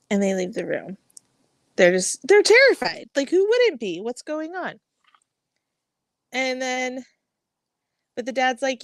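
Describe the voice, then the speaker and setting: Woman co-host, creaky, chatty campfire storyteller, dry sound. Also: medium pitch, normal speed, dry recording. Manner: chatty and giggly, lots of likes. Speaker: podcast co-host. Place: outdoors by a campfire.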